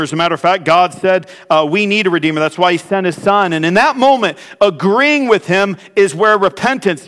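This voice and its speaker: A man preaching a sermon as pastor, with pauses and frequent restarts. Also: high-pitched, fairly bright tone, in a large hall. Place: church sanctuary.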